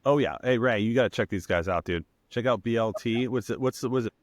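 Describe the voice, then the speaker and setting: A man's voice: medium pitch, fast talker, dry recording. A man co-hosting a podcast in casual chat, enthusiastic and calling people dude. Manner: enthusiastic, repeats dude and yeah. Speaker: podcast co-host.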